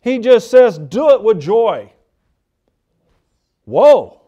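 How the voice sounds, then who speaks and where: High-voiced man preaching a fervent sermon. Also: lively intonation, unhurried, darkish tone, muffled recording. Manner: fervent, conversational preaching with emphatic repetition. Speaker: pastor.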